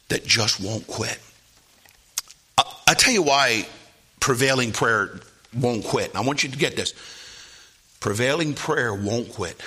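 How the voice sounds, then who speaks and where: Man, pastor, church sermon, very bright voice, middle pitch. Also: breathy edge. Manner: preaching, climbs high and loud when acting out the story. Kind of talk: sermon and closing prayer.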